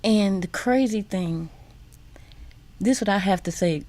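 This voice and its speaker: A woman telling a personal story as a radio guest, halting and repeating words, sometimes dropping to a whisper. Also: mid-range voice, mellow. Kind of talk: personal testimony in a radio interview. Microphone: studio microphone.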